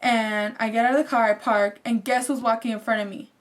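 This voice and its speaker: A young woman vlogger telling a story in a casual, animated way, with "like" running all through her talk. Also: fairly high pitch, a little fast. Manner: chatty and animated, fills speech with "like". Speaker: fashion vlogger.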